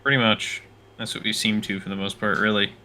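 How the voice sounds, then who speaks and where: Male co-host, very bright and sharp tone, halting delivery with lots of fillers, laughs easily. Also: on the low side, steady tone, slight background noise. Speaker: co-host of a reaction show. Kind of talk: casual chat, reaction commentary.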